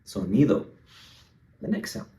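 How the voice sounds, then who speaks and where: Animated man teaching young kids, singsong. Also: lowish voice, unhurried, recorded from a distance. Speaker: children's language teacher. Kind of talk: playful kids' lesson. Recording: echoey room, voice off-mic.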